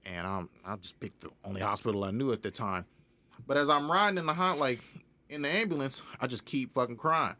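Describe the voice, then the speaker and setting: A young man, an independent music artist, telling a story in a casual interview. He is animated, laughs often and acts out other people's lines. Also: mid-range voice, a little fast.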